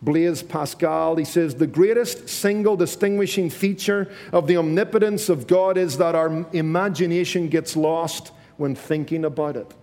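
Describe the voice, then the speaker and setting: A man preaching a sermon, slow and emphatic, repeating key phrases to his congregation. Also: a little high, darkish tone, long reverb tail.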